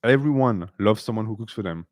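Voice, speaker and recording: A man's voice: fairly low pitch, lively intonation, brisk, dry recording, studio quality. Blunt, sarcastic male stream host. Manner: blunt, sarcastic, switches between English and French. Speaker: host answering viewer questions. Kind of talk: casual live-stream Q&A.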